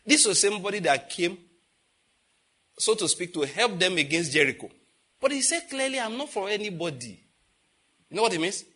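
A man preaching a sermon emphatically, asking the congregation questions and swinging from loud declarations to quiet intensity. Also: a little high, slightly rough. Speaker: pastor.

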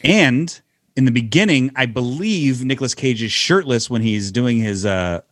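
Young man, casual podcast chat, mid-pitched voice, laughs a lot, dry close sound. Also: normal speed, dry recording. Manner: laughs often, loose opinionated banter with swearing. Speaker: podcast co-host.

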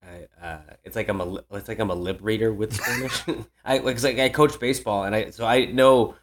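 A man's voice: fairly low pitch, fairly even intonation, a little fast, noisy background. A man from Worcester, a comedian guest and former teacher, rambling through goofy bits with frequent laughter. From Worcester, Massachusetts. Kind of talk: casual comedic chat.

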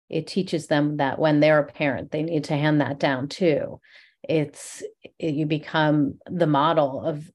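Enthusiastic low-voiced woman host. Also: a little mellow. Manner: enthusiastic, rambling with restarts. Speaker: podcast host. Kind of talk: casual interview chat.

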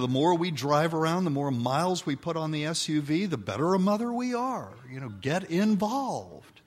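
An older man giving a folksy, animated talk to an audience of mothers, acting out the voices in his stories. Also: fairly high pitch, breathy edge. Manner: folksy, animated storytelling, acts out quoted voices. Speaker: speaker addressing an audience of mothers. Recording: long hall reverb.

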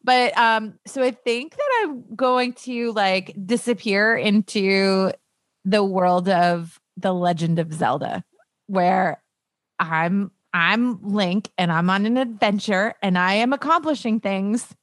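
A woman's voice: mid-range voice, slow pace, dry recording. A woman hosting a podcast in a chatty, casual way, laughing often as she talks. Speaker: podcast host. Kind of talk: casual chat.

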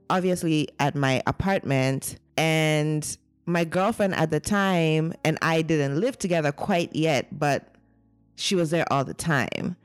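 A young woman telling a personal story in an animated, chatty way, full of fillers. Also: low-pitched, no echo. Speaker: interviewee.

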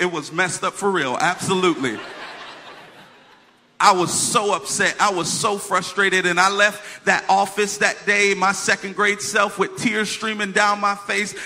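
A pastor preaching a sermon, reading scripture with humorous asides and telling a childhood story in a conversational way. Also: male voice, high voice, pushed and bright.

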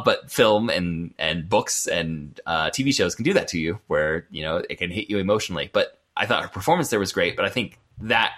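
A man's voice: on the low side, bright, forceful tone. A man co-hosting a podcast, talking casually about a film with frequent laughs and fillers. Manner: chatty, laughs often, many fillers. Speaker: podcast co-host.

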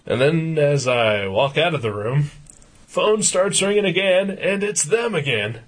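A man co-hosting a podcast, telling a profane story in casual chat and getting loud as he retells his anger. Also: fairly high pitch, expressive, a little slow, husky. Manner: profane ranting anecdote, gets loud when retelling anger. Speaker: podcast co-host.

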